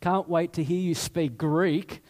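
A man's voice: on the high side, steady tone, unhurried, a little mellow. A middle-aged man preaching a sermon in a chatty, self-deprecating way, often restarting his sentences. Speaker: pastor.

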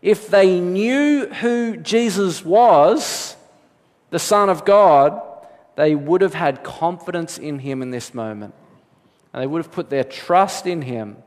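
A man preaching a sermon as a pastor, animated, switching into quoted voices with big jumps in pitch. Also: takes it slowly. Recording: long hall reverb.

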